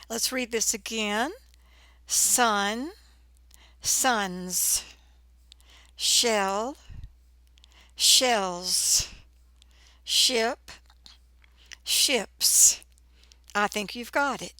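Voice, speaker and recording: A woman teaching a phonics lesson to children, sounding out words slowly and clearly. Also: a little high, sharp tone, no room sound. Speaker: reading teacher.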